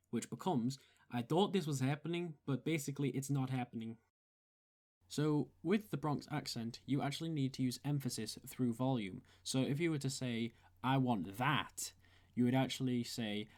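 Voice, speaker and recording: A man giving step-by-step voice-acting advice in a methodical, instructive way. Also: mid-range voice. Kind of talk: explanatory tutorial.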